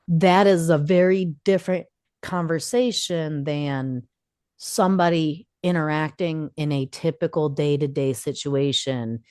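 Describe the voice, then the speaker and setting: A woman's voice: sits low, dark tone, dry recording, clean studio sound. A woman co-hosting a podcast, speaking thoughtfully about herself in a casual chat.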